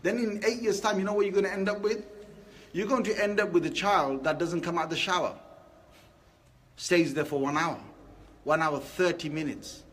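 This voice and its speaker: A man giving a Friday sermon, talking in a lively, conversational way and asking the congregation rhetorical questions. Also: high-pitched, normal speed, long pauses. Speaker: preacher.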